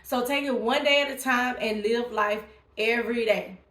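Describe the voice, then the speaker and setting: Vlogger, woman, chatty and encouraging, slightly high voice, echoey room. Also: normal speed, fairly bright tone. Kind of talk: casual direct-to-camera talk.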